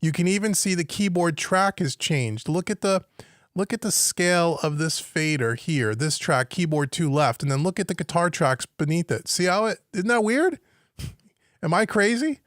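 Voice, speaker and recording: Guy talking through recording software on a live stream, kinda high voice, thinks out loud, dry home studio sound. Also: lively intonation, normal speed, no room sound. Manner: thinking aloud, musing and puzzling over the screen.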